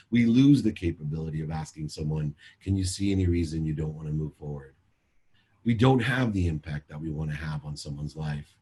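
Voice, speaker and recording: A man's voice: low-pitched, dark tone, breathy edge. A man speaking as a motivational speaker at a sales seminar, emphatic and repetitive in a preachy way.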